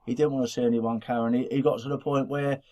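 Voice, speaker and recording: Chatting casually as a podcast co-host, a middle-aged man from the Black Country of England rambles and restarts sentences often, his accent distinctly local. The voice is mid-range, mellow, and level, moving at a quick pace.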